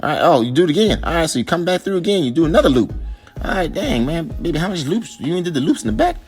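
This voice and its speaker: A man's voice: fairly high pitch, very animated, rapid-fire, a little mellow, faint music behind. A man giving playful, teasing voice-over commentary on his wife's hair tutorial, coaxing and joking as he goes.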